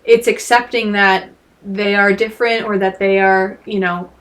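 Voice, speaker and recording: A woman's voice: medium pitch, flat delivery, normal speed, a bit bright. Earnest woman in casual podcast chat. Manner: earnest, frequent "like" and "you know". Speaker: podcast co-speaker. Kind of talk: casual heartfelt conversation.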